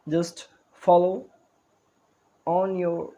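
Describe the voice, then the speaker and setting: Slow-talking man teaching spoken English. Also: sits high, level tone, mellow, low-quality recording. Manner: careful, repeats words and corrects himself. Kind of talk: online English lesson.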